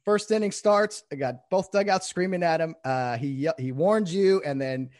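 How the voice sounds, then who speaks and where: A man's voice: a little high, moderate pace, darkish tone, no room sound, clean studio sound. A man hosting a casual conversation, an ex-umpire telling stories and laughing often. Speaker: former umpire, podcast host.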